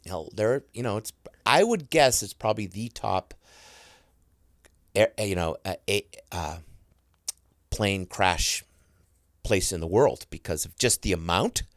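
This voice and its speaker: Man, middle-aged, podcast guest, lowish voice, dry close sound, animated storytelling, self-interrupting. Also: measured pace, pauses often, no echo. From United States.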